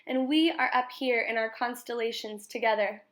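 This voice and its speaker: A woman's voice: fairly high pitch, moderate pace, lightly acted. The night stars in a storybook speak down in a cool, taunting way, as a woman reader puts them on. They sound aloof and mocking.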